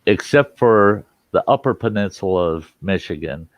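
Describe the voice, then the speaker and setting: Relaxed low-voiced man with a northern US accent. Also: moderate pace, no echo. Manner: rambling, relaxed storyteller. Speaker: host. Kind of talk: casual group chat.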